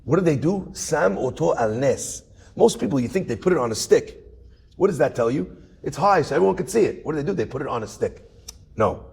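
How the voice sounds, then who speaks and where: A rabbi delivers a lively sermon in a high, gravelly voice, his pitch leaping up and down as he presses his points. He speaks to his listeners directly and keeps asking them questions. His tone is husky and a little rough. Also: fairly quick. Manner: animated, rhetorical questions to the audience.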